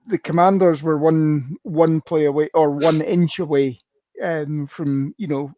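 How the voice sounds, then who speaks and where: A man's voice: on the high side, steady tone, a little slow, warm tone, slight background noise. A man from the United Kingdom co-hosting a casual sports podcast, rambling and emphatic. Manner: rambling, emphatic, swears mildly. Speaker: co-host. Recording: dull lo-fi dry recording.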